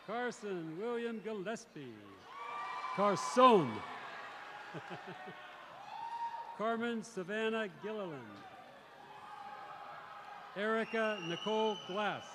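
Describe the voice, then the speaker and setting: A male teacher reading out graduates' names one by one at a graduation ceremony in a large arena, in a measured announcing manner. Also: sits high. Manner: measured, announcing each name, with brief self-corrections. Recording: crowd noise in a large arena. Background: crowd cheering.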